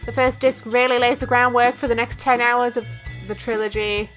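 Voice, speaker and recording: A woman's voice: a little high, level tone, normal speed, a bit bright, lightly acted, rough recording. A woman reading an eager, gushing young fan girl. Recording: faint music behind.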